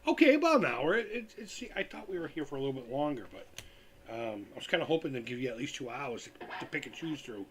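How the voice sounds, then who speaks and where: A man's voice: mid-range voice, big pitch swings, fast, a little hiss or hum. A tired man hosting a live stream, telling stories in a loose, profane, casual way. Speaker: livestream host.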